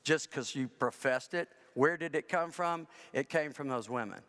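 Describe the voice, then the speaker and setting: A man's voice: on the high side, moderate pace, a bit bright. A man preaching a chatty sermon, full of self-deprecating humor and acting out people in his stories. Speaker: pastor. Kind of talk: conversational sermon with storytelling. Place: large church sanctuary. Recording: church with long reverb.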